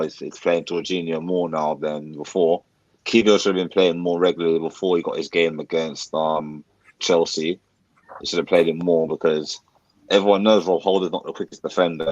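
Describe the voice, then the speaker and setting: Man, very deep voice, measured casual talk, dry muffled recording. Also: dry recording. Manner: measured, a few restarts, short "mm" backchannels. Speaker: football podcast co-host. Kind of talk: casual chat.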